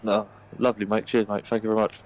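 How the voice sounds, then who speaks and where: A man interviewed after a race as a driver, cheerful but flat in delivery. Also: fairly low pitch, fast talker, poor audio.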